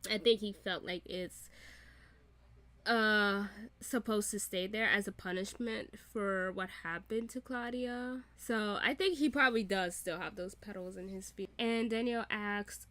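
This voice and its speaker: A reaction channel host with a medium-pitched, slightly bright voice and fairly even intonation delivers reaction commentary. She rants in an exasperated, profane way, full of "like" fillers, restarts and quick outbursts, with plenty of laughter.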